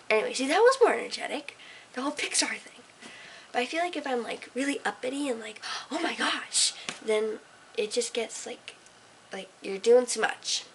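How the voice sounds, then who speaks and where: Teen girl, slightly high voice, late-night rambling vlog, sarcastic, swings from whispers to bursts of energy. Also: a little hiss or hum, rough recording. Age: teens. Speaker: vlogger. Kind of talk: casual late-night talk to camera. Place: own room at night, lit by a desk lamp.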